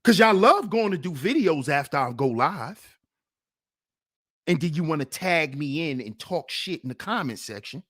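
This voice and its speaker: A man hosting a livestream, preaching in fired-up commentary with rhetorical questions, swinging between loud challenges and sarcastic muttering. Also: a little high, sing-song, moderate pace. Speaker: livestream host.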